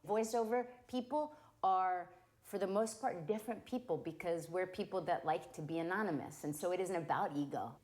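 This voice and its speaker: A woman with a low, warm voice speaks candidly about her work in an interview. She is a voice actor. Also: moderate pace. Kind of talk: earnest interview talk.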